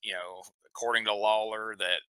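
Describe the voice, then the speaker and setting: A man's voice: lowish voice, fairly even intonation, normal speed, bright, forceful tone, smooth, no echo, poor audio. A man with a Southern American accent, hosting a casual podcast chat about old wrestling shows. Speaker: podcast host.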